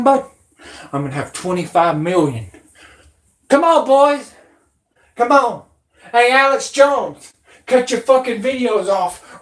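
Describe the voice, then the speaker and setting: A woman hosting her own channel, delivering an aggressive, profane, threatening rant. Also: medium pitch. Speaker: channel host. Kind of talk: angry rant. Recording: roomy echo.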